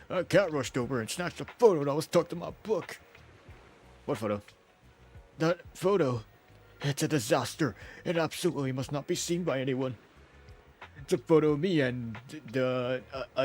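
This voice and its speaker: A man's voice: medium pitch, moderate pace, a little mellow, faint music behind, pitched above the performer's own voice, natural voice. A man voicing a fretful middle-aged husband who is anxiously pleading for help in a game story. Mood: flustered. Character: fretful middle-aged husband hiding a photo from his wife.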